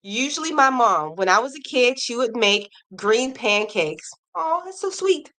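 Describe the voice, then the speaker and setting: A woman hosting a casual crochet livestream, chatting and reading viewer comments aloud with animated reactions. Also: on the high side, a little slow.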